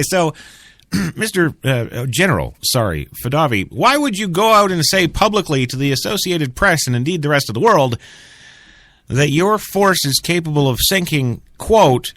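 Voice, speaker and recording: A man's voice: fairly high pitch, very animated, moderate pace, a bit bright, no room sound, studio quality. A man with an American accent hosting a talk radio show, sarcastic and mocking, laughing often. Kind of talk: casual talk radio commentary.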